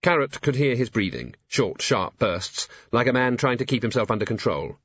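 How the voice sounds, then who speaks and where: Role: audiobook narrator. Sex: man. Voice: husky, mid pitch. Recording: dry, slightly dull. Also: expressive, normal speed, a bit bright, no room sound. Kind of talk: scripted narration.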